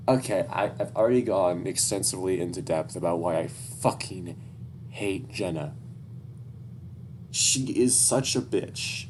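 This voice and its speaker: A man's voice: low-pitched, a little mellow, slight background noise. A young man reading a story aloud and breaking off into casual, candid, profane asides. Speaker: story reader.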